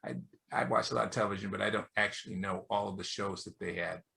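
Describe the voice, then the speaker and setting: A man's voice: lowish voice, steady tone, quick pace, creaky, crowd noise. A man co-hosting a review show, chatting casually and opinionated, thinking aloud with lots of fillers. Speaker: movie review show co-host.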